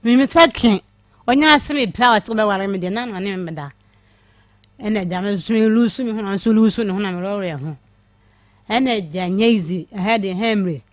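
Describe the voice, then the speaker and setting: A woman telling a candid personal story on a radio show, emphatic and animated, pleading her case with the host. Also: medium pitch, brisk, dry recording.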